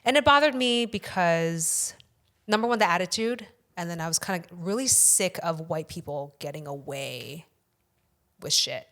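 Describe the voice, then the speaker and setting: A woman with a somewhat low voice tells a long story as a podcast guest. She is casual and rambling. She swears often for emphasis. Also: lively intonation, normal speed, a bit bright.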